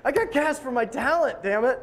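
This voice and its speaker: A man's voice: very high-pitched, animated, brisk, slight background noise, voice pushed up. A man voicing an indignant young actress who is offended and huffy.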